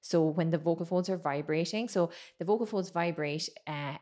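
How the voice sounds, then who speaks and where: A woman vocal coach giving a chatty singing lesson, explaining technique and breaking into quick sung and spoken demonstrations. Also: fairly low pitch, mellow.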